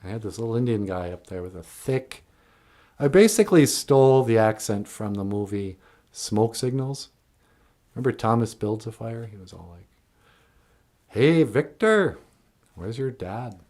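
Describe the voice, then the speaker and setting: A man spins a comic story about his cartoons and puppets in a folksy, rambling way. His pitch swings widely from line to line. The delivery is animated and digressive. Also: normal speed.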